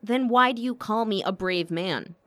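A woman's voice: mid-range voice, moderate pace, fairly bright tone, voice pushed up, lightly acted. A woman voicing a guarded male opera impresario who speaks coolly and dryly. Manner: dry, clipped, coolly sardonic.

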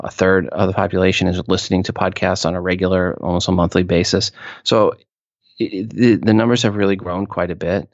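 A low, gravelly man speaks as an interview guest, explaining his points with emphasis and quick asides. The sound is a touch dull and lo-fi. It is dry, with no room echo. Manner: emphatic, quick asides, repeats words when restarting. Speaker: podcast industry expert guest. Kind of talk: conversational interview answers.

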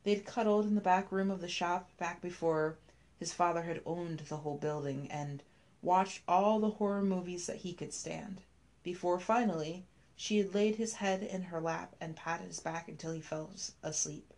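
A woman reading a scripted story aloud, telling it in a measured, even way. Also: on the low side.

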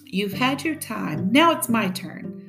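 A woman's voice: medium pitch, sing-song, slow pace, creaky, fairly bright tone, faint music behind, full character voice. A woman voicing a pushy male reporter elbowing rivals aside.

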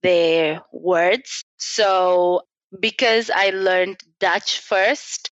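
A young woman with a South African accent talks through her past in an unhurried, measured way, breaking into laughter now and then. Her voice sits a little low. The recording is dry and slightly muffled. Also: fairly bright tone, no echo. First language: Afrikaans. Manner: reflective, laughs often, measured. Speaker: guest. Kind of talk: casual interview conversation.

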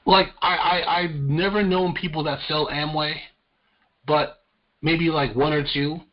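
A man's voice: fairly high pitch, fairly even intonation, a little slow. A man hosting a podcast, giving casual political commentary in a heated, profane ranting manner. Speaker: podcast host. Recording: slightly muffled lo-fi audio.

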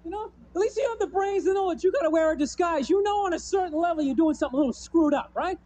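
Male comic, high voice with a mellow tone, loose rambling stand-up delivery. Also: lively intonation, racing. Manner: loose, rambling delivery full of "you know" and "man". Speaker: stand-up comedian. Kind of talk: stand-up routine.

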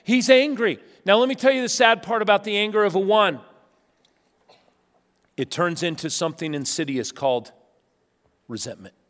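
High-voiced man preaching in a reverberant hall. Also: moderate pace, pauses often. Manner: animated storytelling with humor, swinging from loud to hushed. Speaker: pastor. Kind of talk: sermon. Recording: long reverb of a large hall.

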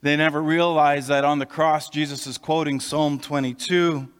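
A man preaching from the pulpit, his slightly higher-than-average voice carrying through a long hall reverb. He explains things in a conversational way and pauses for emphasis between phrases. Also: flat delivery, smooth. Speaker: pastor. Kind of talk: sermon.

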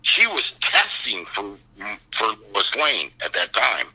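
A man in his sixties telling a story as an interview guest, animated and acting out the people in it. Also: lowish voice, slow pace, a little hiss or hum, low-quality recording. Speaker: actor guest. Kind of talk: casual anecdote telling.

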